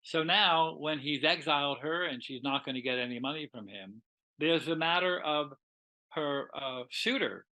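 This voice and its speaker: A man's voice: fairly high pitch, normal speed, sharp tone, rough recording. A man giving a conversational literature lecture, retelling scenes animatedly and slipping into quoted dialogue.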